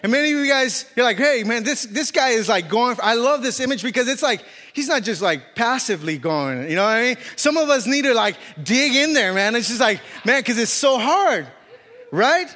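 High-voiced man preaching in a reverberant hall. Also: fairly quick. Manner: animated preaching with frequent fillers and restarts. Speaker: pastor. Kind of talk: sermon.

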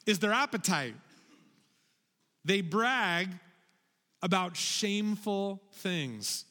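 A man with a high, bright voice leads a children's sermon, speaking slowly and drawing out his words. He keeps asking the kids to say phrases back to him. His voice rings with the long reverb of a large hall. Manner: animated, calls for audience repetition. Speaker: children's pastor.

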